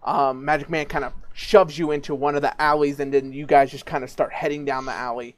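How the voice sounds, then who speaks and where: A man's voice: fairly high pitch, steady tone, fairly quick. A man running a tabletop game as game master, narrating casually with many fillers.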